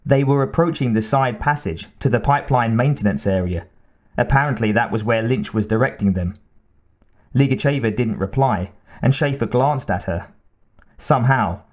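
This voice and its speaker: A man reading a thriller audiobook in a steady, even narration. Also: medium pitch. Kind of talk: scripted narration.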